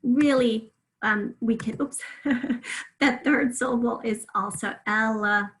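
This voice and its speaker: A woman teaching a remote phonics lesson, patiently drawing words out slowly so listeners can hear each sound. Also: on the high side, fairly bright tone, low-quality recording.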